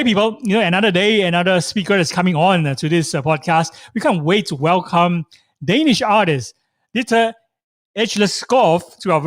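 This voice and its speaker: High-voiced upbeat male host. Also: no echo, clean studio sound. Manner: upbeat, effusive introductions. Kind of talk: live online interview.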